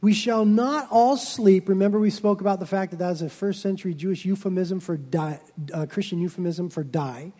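A man preaching a sermon as pastor, building to loud, emphatic passages and then dropping low and quiet. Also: steady tone, quick pace, hardly any pauses. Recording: long reverb of a large hall.

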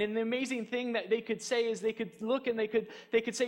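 A man's voice: extremely high pitch, fast, few pauses, long reverb tail. A man preaching a sermon as pastor, chatty, with rhetorical questions and fillers like "you know". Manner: frequent fillers like "kind of a thing".

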